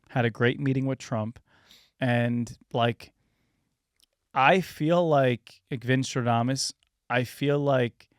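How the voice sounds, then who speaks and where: A man in his thirties hosts a podcast in relaxed chat. He talks in loose, wandering sentences packed with filler words and the odd curse, at an ordinary middle pitch. The sound is close and dry, with no room around it. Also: clear, resonant tone, no echo. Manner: loose and rambling, heavy on filler words, swears freely. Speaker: podcast host. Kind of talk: casual chat.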